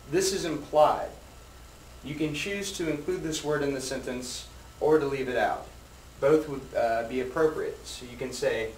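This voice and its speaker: A man teaches an English grammar lesson with slow, clear delivery and repeats each example sentence so learners can follow. His voice sits at an ordinary middle pitch. It carries a roomy echo and sounds a little distant from the mic, with faint room ambience behind it. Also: a little mellow, slight background noise.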